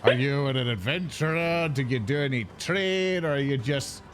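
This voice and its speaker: A man's voice: mid-range voice, normal speed, a bit bright, natural voice. A man voicing a brusque male dock official who questions passengers at a gangplank. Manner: curt questioning, turns flirty with a lady. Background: background music.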